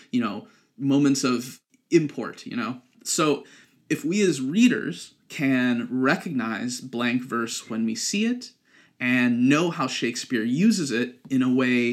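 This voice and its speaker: A man's voice: mid-range voice, a bit bright. Young adult male podcast host. Casual, talky explainer. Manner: chatty, lots of ums and likes.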